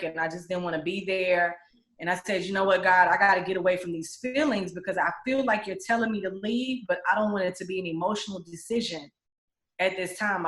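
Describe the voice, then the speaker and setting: A woman tells her own story candidly in an interview, acting out the voices of people she quotes. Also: on the low side. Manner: candid, animated, acts out other people's voices. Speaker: guest telling her story. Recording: roomy echo.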